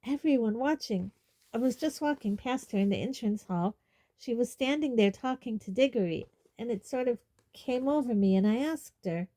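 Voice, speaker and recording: A woman's voice: mid-range voice, dark tone, natural voice. A woman voicing a mortified teenage boy who talks wildly and rambles in gasps. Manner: wild, gasping, rambling.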